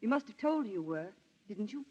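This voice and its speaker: An actress playing Ellen, a playful, teasing wife, in a 1940s radio drama. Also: female voice, mid-range voice, big pitch swings, warm tone, husky, highs cut off. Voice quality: playful, teasing, quick laughter. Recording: old radio broadcast with long reverb.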